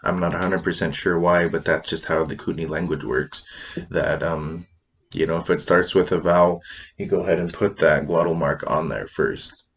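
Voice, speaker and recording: This language teacher speaks low and steady at a moderate pace, with a little hiss or hum in the background. Standing in a classroom with a board, he patiently spells each word and says it three times for his learners to keep up. The audio is dull and lo-fi.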